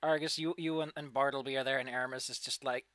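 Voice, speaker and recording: A chatty male game master running a tabletop session over a voice call. He talks at a middling pitch and laughs easily while he explains the rules. His home mic sounds dry and close. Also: fairly even intonation, quick pace, a bit bright, dry recording.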